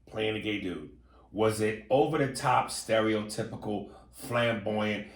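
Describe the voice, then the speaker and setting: A man co-hosting a podcast in casual chat, a few drinks in, animated and swinging between low mumbles and excited outbursts. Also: a little slow. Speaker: podcast co-host. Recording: roomy echo.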